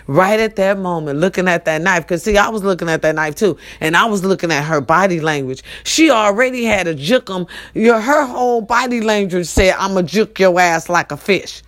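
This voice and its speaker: A woman hosting a casual talk show, telling a story to her listeners in a lively, profane, chatty way. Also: on the low side. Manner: animated, profane, addresses listeners directly.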